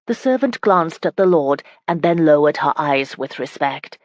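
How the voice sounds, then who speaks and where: A woman reading a romance audiobook in calm, even storytelling. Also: low-pitched, normal speed, hardly any pauses, no room sound, highs cut off. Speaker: audiobook narrator. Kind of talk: scripted audiobook narration.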